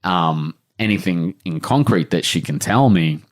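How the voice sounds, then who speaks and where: A man's voice: sits low, animated, unhurried. An Australian man in his forties, a guest on a podcast, talking earnestly and rambling with lots of fillers. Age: 40s. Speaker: author guest. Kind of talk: emotional podcast interview.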